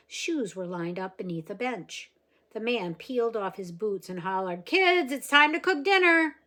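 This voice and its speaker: A woman reading a children's novel aloud, expressive and gentle, with small slips here and there. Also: on the low side. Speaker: reader.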